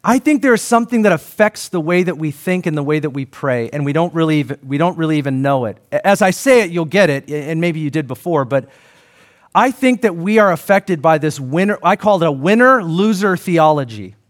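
A man preaching a sermon to his congregation in an animated, conversational way, full of restarts and asides to the crowd. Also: a little high, fairly quick. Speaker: pastor.

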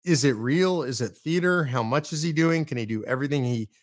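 A man's voice: medium pitch, brisk, no echo, clean studio sound. A man hosting a political commentary show, talking emphatically and repeating his points straight to his listeners. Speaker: show host.

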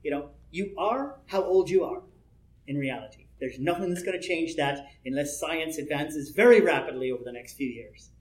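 A man's voice: on the high side, moderate pace. A man giving a conversational workshop talk on building role-play personas, rambling with frequent asides and chuckles. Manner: rambling, chuckling, many "you know" asides. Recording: echoey room.

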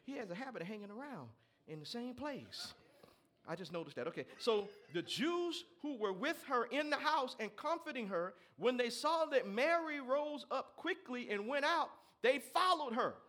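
A male pastor a sermon, reading scripture and breaking into lively asides to the congregation. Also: extremely high pitch, moderate pace. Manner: animated preaching with asides to the congregation.

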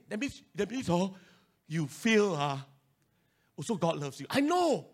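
A male pastor with a Singaporean English accent, preaching an animated sermon and urging his listeners to respond. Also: high-pitched, measured pace, pauses often, slightly rough.

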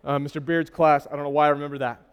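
A man with a high, smooth, clear voice preaches to a youth group in a long-echoing church hall. He tells stories with self-teasing asides and often trips over and repeats his words. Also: level tone, rapid-fire, highs cut off. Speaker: youth pastor.

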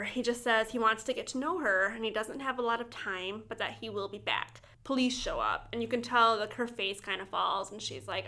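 A woman's voice: mid-range voice, pushed and bright. A woman co-hosting a podcast, animatedly recapping a film with laughter and swearing. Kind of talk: casual chat.

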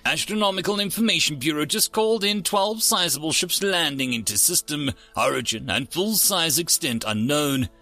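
A man's voice: fairly high pitch, lively intonation, moderate pace, hardly any pauses, pushed and bright, soft background music. A man voicing a dutiful female alien secretary who reports urgently to her lord. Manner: urgent, deferential.

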